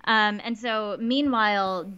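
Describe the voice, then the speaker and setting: A woman's voice: mid-range voice, slow pace, bright, forceful tone, clean tone, dry recording, muffled recording. A woman co-hosting a podcast, recapping a TV episode in casual chat with lots of "like" fillers. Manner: chatty, many "like" fillers, quotes lines in little voices. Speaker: podcast co-host.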